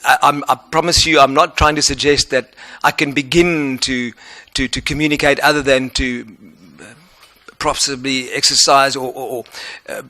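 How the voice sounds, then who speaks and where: A man with a South African accent answering questions as an advocate in a formal interview, earnest and measured. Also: mid-range voice, steady tone, pushed and bright, dry recording.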